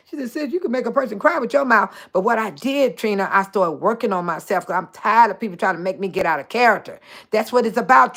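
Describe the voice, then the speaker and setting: Chatty older woman host, higher voice. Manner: chatty, animated, laughs often, addresses viewers by name. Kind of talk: casual live-stream chat with viewers.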